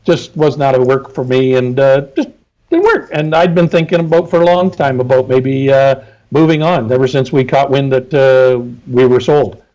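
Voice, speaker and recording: A man's voice: medium pitch, lively intonation, moderate pace, a little mellow, low-quality recording. A middle-aged man, a trucking safety consultant, talking casually and emphatically as an interview guest.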